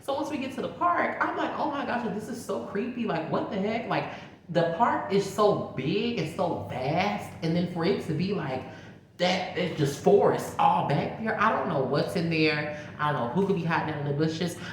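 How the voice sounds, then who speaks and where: Low, lively woman in an echoey room. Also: normal speed, a little hiss or hum. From Mississippi. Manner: animated, profane, talks straight to viewers. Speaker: vlogger. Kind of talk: casual storytelling.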